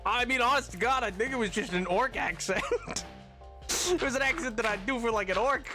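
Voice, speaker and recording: A man streaming, chatting casually with his viewers, who laughs often and keeps an animated back-and-forth going. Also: very high-pitched, brisk, faint music behind. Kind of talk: casual live-stream chat, reading chat messages.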